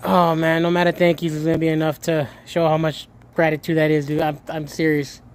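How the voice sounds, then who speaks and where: A young man livestreaming and chatting casually to his viewers. He tells stories in a lively way, swears and then corrects himself, and thanks a donor with a lot of emotion. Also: on the high side, fairly quick, a little hiss or hum. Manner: animated storytelling, swears and self-corrects, emotional gratitude.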